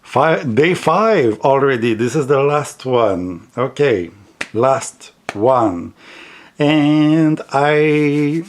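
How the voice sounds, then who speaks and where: A man with a French accent, a native French speaker, chatting casually on video in an unhurried, rambling way full of restarts and self-corrections. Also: medium pitch, animated, slight background noise. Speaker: tarot deck reviewer.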